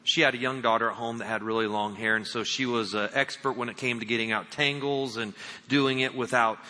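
Bright-voiced preacher in a reverberant hall. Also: male voice, mid-range voice, steady tone, fairly quick. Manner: earnest, direct address to listeners. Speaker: pastor. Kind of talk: sermon storytelling. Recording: long reverb of a large hall.

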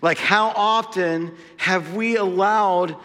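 A man delivers a sermon in a conversational, storytelling way, dropping frequent asides to the congregation. His voice sits high and bright. The sound carries a long reverb from a church hall. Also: fairly even intonation, slow. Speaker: preacher.

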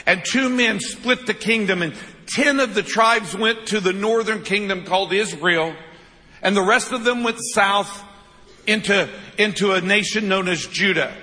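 A man's voice: high voice, unhurried, pushed and bright, long reverb tail. A man in his fifties preaching a sermon, telling stories with self-deprecating humor and frequent "right?" asides. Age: 50s. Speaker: pastor.

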